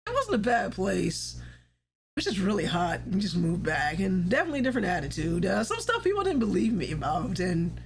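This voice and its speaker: A woman's voice: medium pitch, huge pitch swings, brisk, crowd noise. A woman hosting a casual livestream chat, rambling along, laughing often and swearing casually. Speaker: livestream host.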